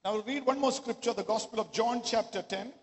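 A man preaching a sermon to a congregation in a church, at times raising his voice to a shout. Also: very high voice, fairly quick. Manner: rises to shouting exclamations. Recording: echoey hall.

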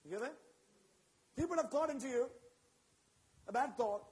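A man's voice: very high-pitched, expressive, normal speed, a little mellow, rough recording. A man preaching a sermon with emphatic, repetitive phrasing and call-and-response asides to his congregation.

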